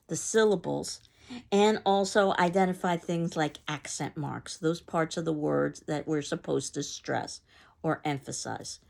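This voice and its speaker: A woman teaching a class, explaining in a measured way with some fillers and restarts. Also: lowish voice, vocal fry, a little mellow. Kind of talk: recorded lecture.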